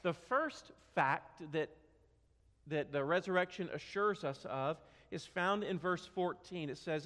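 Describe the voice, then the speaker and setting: A man preaching a sermon, telling a story with dramatic swings from quiet to loud, in a church sanctuary. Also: fairly high pitch, animated, a little slow. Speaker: pastor. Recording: long hall reverb.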